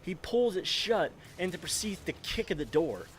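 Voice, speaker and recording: Into a desk mic, a nineteen-year-old man tells a rambling, profane story on his gaming channel, laughing often. His high voice is sing-song at a moderate pace, with slight background noise.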